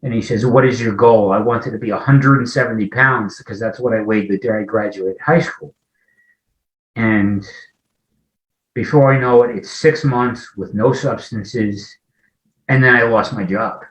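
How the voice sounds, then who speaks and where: A man in his forties sharing a personal recovery story in a conversation, talking haltingly, often restarting sentences and acting out remembered dialogue. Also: fairly low pitch. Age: 40s. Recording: echoey, muffled lo-fi audio.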